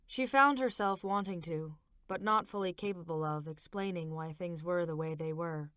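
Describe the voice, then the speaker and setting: A woman author narrating her own novel as an audiobook, in a measured, expressive reading. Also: fairly low pitch, no room sound, studio quality.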